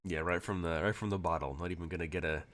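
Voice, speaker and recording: Low-voiced man running a tabletop game. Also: steady tone, quick pace, fairly bright tone. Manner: rambling, full of fillers and restarts. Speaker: game master.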